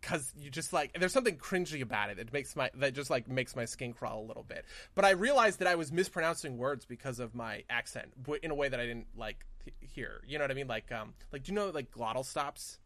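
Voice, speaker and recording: Bright-voiced young man chatting on a podcast. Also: mid-range voice, a little fast, dry recording. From New Jersey. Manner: animated, explains with examples. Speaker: podcast co-host. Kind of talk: casual chat.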